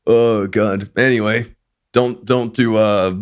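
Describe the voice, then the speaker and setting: A man's voice: lowish voice, slow pace. A young man chatting casually on a podcast, telling crude, laughing stories. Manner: laughing storyteller, crude and animated. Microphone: headset or desk mic on a voice call.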